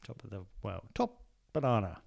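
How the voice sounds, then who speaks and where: A man's voice: fairly low pitch, huge pitch swings, normal speed, creaky, a little mellow. A man in his thirties co-hosting a podcast in casual chat, playful and teasing, throwing out random bits and sound effects. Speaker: podcast co-host.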